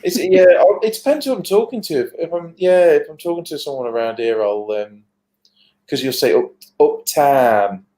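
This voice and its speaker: A man's voice: a little high, animated, fairly quick, warm tone, rough recording. A man from England chatting easily as a guest on a livestream, joking about himself. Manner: easygoing, self-deprecating. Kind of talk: casual chat.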